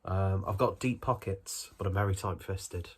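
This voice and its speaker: A man's voice: sits low, normal speed, breathy edge. A man, still out of breath from a cold, chatting his way through a casual beer review at home in a rambling, self-deprecating manner.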